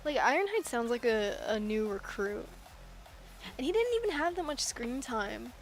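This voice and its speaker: A woman's voice: on the high side, very animated, normal speed, slight background noise. A woman chatting casually while she draws, rambling and giggly with self-deprecating asides. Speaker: artist drawing on stream. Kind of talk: casual chat while drawing.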